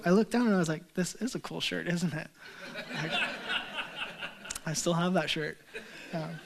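A young male pastor preaching a sermon, telling a story with animated, acted-out quotes. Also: high voice.

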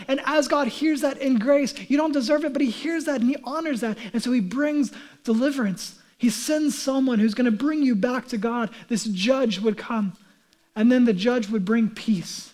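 A man's voice: very high-pitched, moderate pace, a little mellow. A man, a pastor, preaching a sermon in an earnest, emphatic way and asking the congregation rhetorical questions.

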